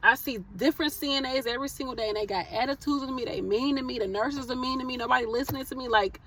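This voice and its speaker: A woman's voice: high voice, fast talker, a bit bright, a little hiss or hum. Impassioned woman nurse ranting. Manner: impassioned, preachy, addresses viewers as y'all. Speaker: nurse vlogger. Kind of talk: emotional casual rant to camera.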